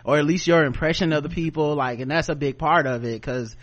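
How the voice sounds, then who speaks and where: A man hosting a casual podcast chat, agreeable and chatty, quick to laugh. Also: on the high side. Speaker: podcast host.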